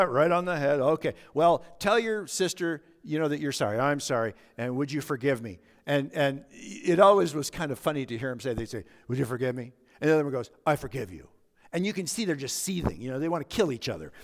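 A middle-aged man preaching a sermon as a pastor, earnest and anecdotal, moving between emphatic points and soft, quiet asides. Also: on the high side. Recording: long hall reverb.

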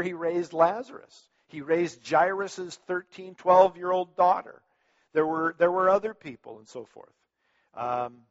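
A male pastor preaching a sermon in a conversational way, telling stories with lots of restarts. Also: fairly high pitch. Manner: conversational, animated storytelling, frequent restarts. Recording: dull lo-fi recording.

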